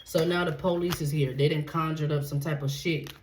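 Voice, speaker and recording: A low-pitched woman reads tarot at a fairly quick clip, blunt and profane, punctuating nearly every point with "okay?" The recording has an echoey room sound and steady background noise.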